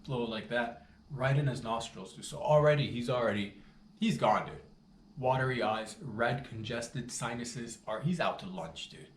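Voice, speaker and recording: A man telling an absurd comic story in a rambling, swaggering, slangy way. His voice jumps up high when he gets worked up. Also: moderate pace, echoey room.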